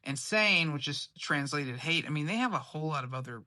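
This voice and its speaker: A woman's voice: sits low, expressive, fairly quick, sharp tone, no echo, studio quality. A woman preacher giving a casual Bible lesson to camera, chatty and playful, with slangy asides. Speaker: preacher teaching Bible study.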